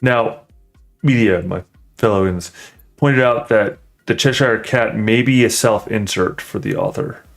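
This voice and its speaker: A man's voice: lowish voice, a little slow, creaky, soft background music. A man reading a storybook aloud on a livestream, breaking off for chatty, hesitant asides.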